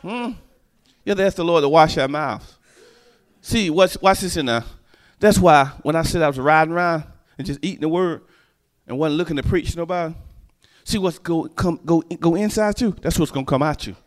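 This preacher, a man whose voice is a touch high, moves at a moderate pace through an animated sermon. Storytelling mixes with call-and-response moments where he checks in with his congregation.

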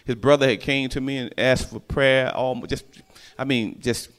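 A man preaching a sermon, calling out to the congregation and swinging from hushed asides to shouted lines. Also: mid-range voice, fairly even intonation, moderate pace.

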